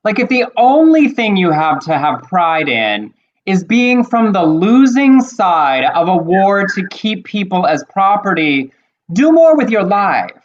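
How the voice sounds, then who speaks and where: A man from Texas co-hosting a casual chat, talking fast in a snippy, argumentative way. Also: sits high, sing-song. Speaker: co-host. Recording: dull lo-fi audio.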